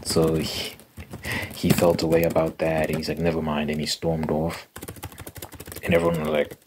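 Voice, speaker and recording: A young man telling a story in a soft-spoken ASMR style, casual and rambling with fillers. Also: rumbling low, monotone, moderate pace, a little hiss or hum. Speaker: ASMR creator. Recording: keyboard clicking and typing sounds behind.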